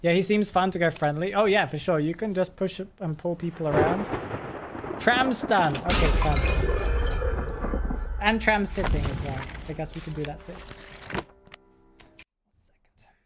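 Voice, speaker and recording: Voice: mid-range voice, fairly quick, hardly any pauses, background noise. A game streamer chatting on a live stream, thinking aloud, answering chat and laughing often. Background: background stream music.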